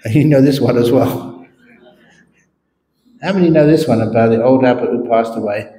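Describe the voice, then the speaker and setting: A man, a Buddhist monk teacher, tells stories during a dharma talk in a playful, animated way. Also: mid-range voice, normal speed, a little hiss or hum. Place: meditation centre hall. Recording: echoey hall with ambience.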